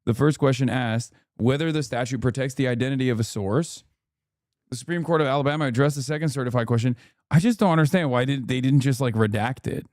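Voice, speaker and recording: A man in his thirties hosts a live stream, reading articles aloud at a quick clip and breaking off into exasperated, swearing commentary. His voice sits at an ordinary middle pitch. The sound is close and dry. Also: darkish tone, dry recording. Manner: reads text aloud fast, then breaks off into exasperated, profane asides.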